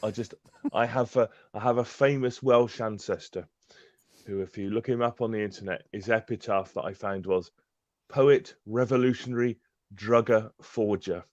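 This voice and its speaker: A man's voice: lowish voice, steady tone, moderate pace, darkish tone, no echo. A man co-hosting a casual live-stream chat on a video call, chatty, laughing often and full of fillers. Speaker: co-host. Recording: dry, slightly dull call audio.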